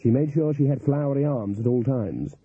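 Man, audiobook narrator, husky voice, lively and animated delivery, tinny phone-like audio. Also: mid-range voice, brisk, dry recording. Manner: expressive, lively storytelling.

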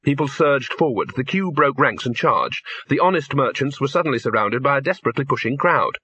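Man, audiobook narration, lively pitch, husky, dry close sound. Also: fairly quick, no echo. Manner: expressive, lively. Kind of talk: audiobook narration with character voices. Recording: slightly dull lo-fi recording.

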